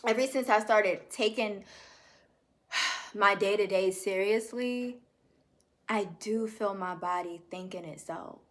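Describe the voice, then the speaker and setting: A young woman talking in a personal video journal, reflective and heartfelt, chatting casually to her viewers with many fillers. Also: mid-range voice. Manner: slow, reflective and heartfelt, addresses viewers as y'all.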